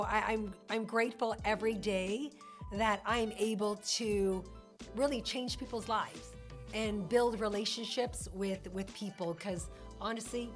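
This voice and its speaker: Candid woman in her forties. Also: medium pitch. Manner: candid, heartfelt, many "you know" fillers. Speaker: mortgage broker. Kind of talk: personal story on a podcast.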